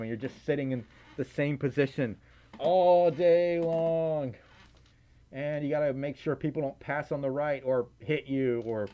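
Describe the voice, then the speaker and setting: A man's voice: mid-range voice, a little mellow, dull audio. A man from the US South, hosting a casual livestream, reading donations and chat with lots of giggles and fillers. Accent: Southern American. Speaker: livestream host.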